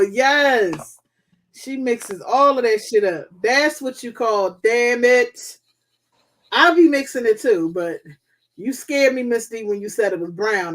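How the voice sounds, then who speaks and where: Blunt, profane woman host. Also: fairly high pitch. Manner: blunt, profane, motherly advice-giving. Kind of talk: casual live chat with viewers.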